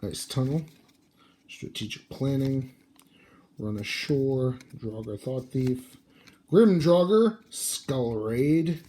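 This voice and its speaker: A man's voice: mid-range voice, drawn-out words, dark tone, slight background noise. A sleepy, yawning man casually reading out card names as he opens booster packs. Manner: reads card names aloud in a muttering, offhand way. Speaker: card-opening video host. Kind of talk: casual card unboxing commentary.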